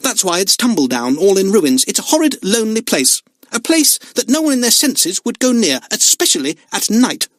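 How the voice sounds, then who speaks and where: A harsh, loud woman who is sure the castle is cursed and keeps insisting on her warnings, as a man reading an audiobook puts her on. Her voice sits well above his own and swings widely, recorded close and dry with no room sound. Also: sits high, very animated, moderate pace, no room sound, voice pushed up. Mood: flustered. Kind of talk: audiobook character voice.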